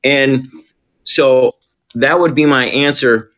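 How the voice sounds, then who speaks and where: A man's voice: mid-range voice, steady tone, slow, fairly bright tone. A man on a podcast, talking casually as a recovery counselor and often checking in with rhetorical questions. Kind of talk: casual explanatory talk.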